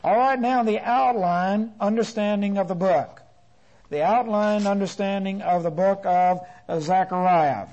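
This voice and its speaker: A man with a high-pitched voice teaches a Bible class. He speaks deliberately, repeats and restates his points, and pauses on "uh" between phrases. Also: darkish tone, dull audio.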